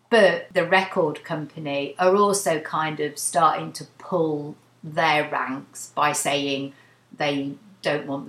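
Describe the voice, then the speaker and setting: Low-voiced woman chatting in a roomy echo. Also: a bit bright. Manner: chatty, laughs while retelling scenes. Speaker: podcast co-host. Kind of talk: casual book chat.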